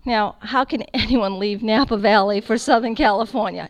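A middle-aged woman giving a personal faith testimony to an audience, telling her story in a lively, emphatic way. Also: mid-range voice, normal speed, rough recording. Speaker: founder of a Catholic radio ministry.

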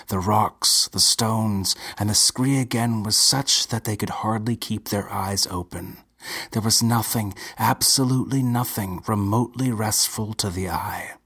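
A man reading a short story aloud in a measured, unhurried way. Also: fairly low pitch, fairly bright tone, slightly rough. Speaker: narrator.

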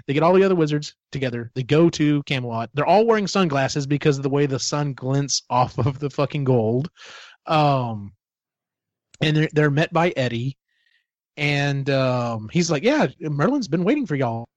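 A man's voice: mid-range voice, normal speed, no room sound. A man hosting a podcast, casually retelling a book plot in a rambling way, swearing freely. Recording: dull, dry lo-fi sound.

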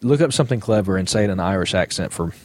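A man's voice: deep voice, expressive, very fast, no echo. A man co-hosting a podcast, chatting casually in a rambling, hesitant way. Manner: rambling, hesitant with many fillers. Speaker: podcast co-host. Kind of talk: casual chat.

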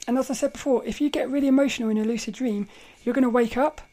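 Woman, podcast host, casual storytelling, rambling, laughs often, slightly high, warm and mellow tone. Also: very fast. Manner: rambling, animated, laughs often, restarts sentences.

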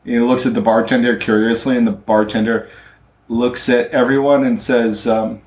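A man's voice: medium pitch, level tone, moderate pace, reverberant. A man narrating as game master in a tabletop game, chatty and joking. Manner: chatty, joking, laughs often.

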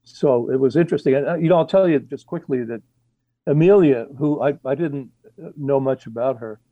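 A man's voice: medium pitch, a little fast, dark tone, no echo, highs cut off. A man, an author as guest, talking in a rambling, hesitant way with many fillers and restarts, over a remote connection. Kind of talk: casual interview.

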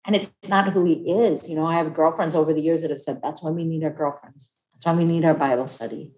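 A woman in her fifties talking casually and warmly about marriage, acting out other people's voices as she tells stories. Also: sits low, steady tone, quick pace. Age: 50s. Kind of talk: casual heartfelt conversation. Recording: echoey room.

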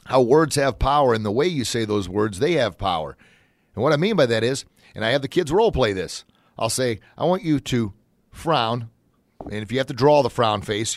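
A man hosting his own motivational talk show in a folksy, upbeat manner that jumps into excited shouts when he acts out examples. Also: lowish voice, no echo, clean studio sound.

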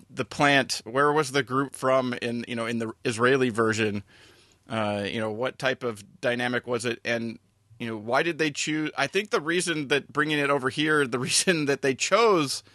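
TV podcast co-host, man, bright voice, dry close sound, rambling with restarts. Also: mid-range voice, no echo. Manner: halting, many fillers and restarts. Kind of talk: casual chat.

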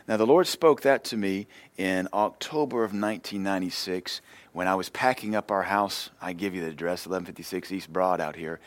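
Impassioned male preacher, dry sound. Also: dry recording. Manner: impassioned, preacherly storytelling that swells louder and higher. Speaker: pastor. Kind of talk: sermon.

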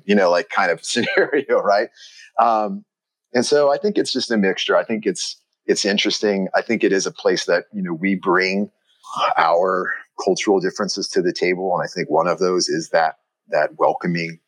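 Deep-voiced man, rambling. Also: steady tone, normal speed, poor audio. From United States. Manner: rambling, filler-heavy, reflective. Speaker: guest, watch industry professional. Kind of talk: conversational interview.

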